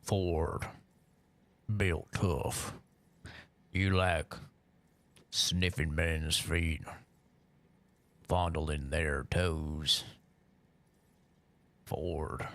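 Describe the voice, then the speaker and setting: A man voicing a macho truck-ad announcer in a put-on Texan accent, with a mock-serious, gravelly delivery. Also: rumbling low, steady tone, very slow, long pauses, a bit bright, no room sound, pitched below the performer's own voice, heavily acted. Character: deep-voiced macho truck-ad announcer, adult male. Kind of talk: parody ad read.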